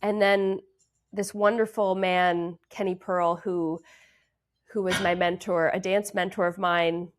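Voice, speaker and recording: A young Canadian woman, an actress and dancer, is a guest in a conversational interview. Her voice is on the low side, flat, and measured in pace, and she speaks earnestly and reflectively with many fillers.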